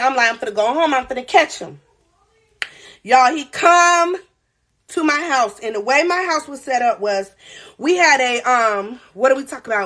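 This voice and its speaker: A woman in her twenties telling a storytime on a live vlog, animated and slangy, laughing as she goes. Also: sits high. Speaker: vlogger.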